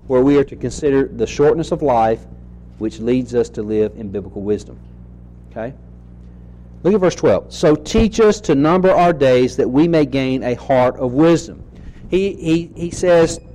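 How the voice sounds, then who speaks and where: Earnest preacher man, mellow voice. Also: medium pitch, a little hiss or hum, rough recording. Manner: earnest teaching, reads scripture slowly, rhetorical questions. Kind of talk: expository sermon.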